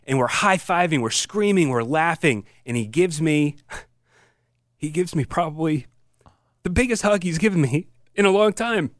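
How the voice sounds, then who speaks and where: Earnest dad telling a story. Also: male voice, fairly high pitch, animated, moderate pace, no room sound, studio quality. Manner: storytelling, earnest, softens when moved. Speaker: podcast co-host. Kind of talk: casual chat.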